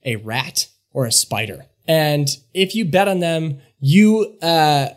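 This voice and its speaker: A man narrating a comedic tabletop game as its game master, with a voice pitched a little above the usual for a man. He explains things loosely and rambles, filling his talk with "like" and "you know". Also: animated, takes it slowly.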